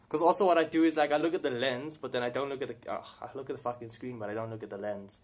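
A man talks straight to camera, answering viewer questions in a loose, rambling way. His voice sits at an ordinary middle pitch, and he swears freely and laughs between thoughts. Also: fast, few pauses, darkish tone. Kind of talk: casual Q&A chat to camera.

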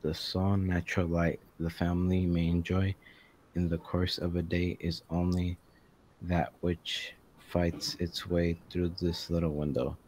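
A man student reading a play's stage directions aloud in class, halting and stumbling over words. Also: sits low, little pitch movement, darkish tone, slight background noise, low-quality recording.

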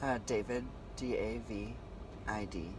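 A man's voice: lowish voice, unhurried. A man vlogging on his phone about getting an oil change, talking anxiously and exclaiming a lot. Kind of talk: casual vlog. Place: in a car and an auto shop. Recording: noisy car and shop background.

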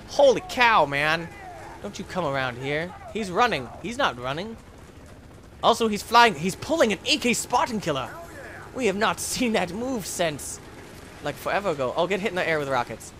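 A man hosting a let's play, commentating his own game with excitable jokes and yelps. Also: on the high side, a little hiss or hum. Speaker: gaming channel host.

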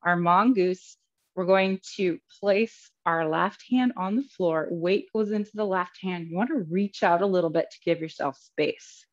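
A woman's voice: on the low side, measured pace. A woman yoga teacher cueing poses step by step in a live class, a little out of breath and laughing at her own slips. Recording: slightly dull lo-fi audio.

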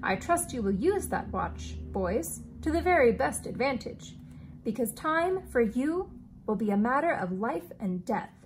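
A woman reading aloud as an eccentric male inventor who speaks in a formal, old-fashioned, deliberate way. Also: a little high, big pitch swings, faint music behind.

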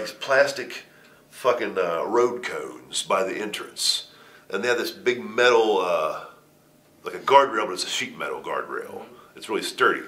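Here a wrestler in middle age sits for an interview and tells a story in an easygoing way, swearing a lot, laughing, and stammering as he restarts. His pitch is fairly low and his tone fairly bright.

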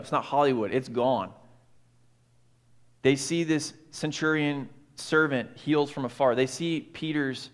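A man preaching a sermon as pastor, in a casual, animated way, often saying "like" and "right?". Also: medium pitch. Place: church.

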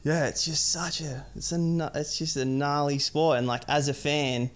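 A man's voice: fairly high pitch, steady tone, normal speed. A young adult man chatting casually as a podcast guest, rambling and filling his sentences with "like". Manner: rambling, heavy use of "like". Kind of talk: casual chat.

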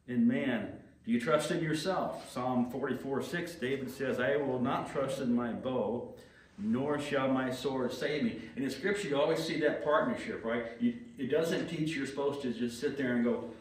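A male pastor preaching a sermon in a chatty way, asking the congregation questions and briefly acting out what people say. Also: mid-range voice. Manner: conversational, acts out quick voices and asks the room questions. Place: church sanctuary. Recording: very echoey church hall, mic at a distance.

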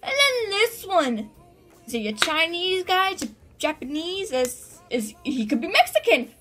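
Bubbly high-voiced young woman vlogger. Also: big pitch swings, unhurried, fairly bright tone, soft background music. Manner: bubbly, chatty, giggly, full of filler words. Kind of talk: casual vlog chat.

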